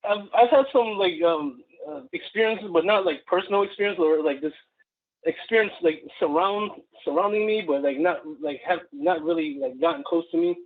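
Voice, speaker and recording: Male phone-in caller, somewhat high voice, hesitant storyteller, thin phone sound. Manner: halting, many "like" fillers and restarts. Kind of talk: casual storytelling. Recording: tinny phone line.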